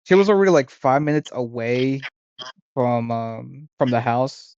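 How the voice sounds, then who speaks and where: A young man in casual chat as a podcast co-host, telling a memory haltingly with many fillers. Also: medium pitch, lively intonation, a little mellow, no echo. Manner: hesitant, full of fillers and restarts. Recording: dry, dull lo-fi sound.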